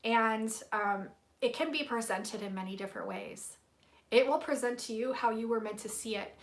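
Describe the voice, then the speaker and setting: Gushing, soft-spoken spiritual woman reader. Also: fairly high pitch, normal speed. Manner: soft, gushing, many "like" and "um" fillers; emotional, tearful at moments. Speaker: tarot reader hosting a livestream. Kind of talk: live spiritual reading, casual chat.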